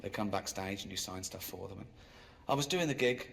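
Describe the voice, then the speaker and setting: A man doing stand-up in a dry, self-mocking way that jumps into high, exasperated squeals. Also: fairly quick, gravelly, a bit bright. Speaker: stand-up comedian. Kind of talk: stand-up routine. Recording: live comedy club with crowd laughter. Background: audience laughing.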